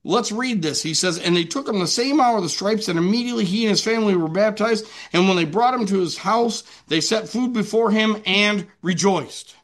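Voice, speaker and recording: A man preaching a sermon to a congregation, earnest, asking and answering his own questions and slowing down to read scripture aloud. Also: high-pitched. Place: church meeting room with a congregation.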